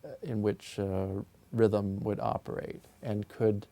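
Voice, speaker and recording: A man's voice: lowish voice, little pitch movement, takes it slowly, dark tone. A man, a composer and music theorist, thoughtfully explaining ideas about sound in an interview in his office. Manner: thoughtful, musing, explains with sung sound examples.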